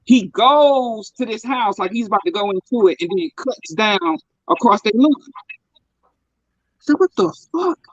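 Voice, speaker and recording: A man telling a family story in casual chat, animated and profane, acting out what people said. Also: very high-pitched, dry recording. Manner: animated, profane, acts out quotes. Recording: dull, muffled mic.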